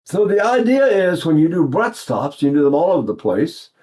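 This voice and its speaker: An older male voice teacher talks through a singing lesson in a chatty, animated way. His voice sits high and swoops through a wide pitch range. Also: moderate pace. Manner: animated, chatty, sings and buzzes examples, mimics Italian speech.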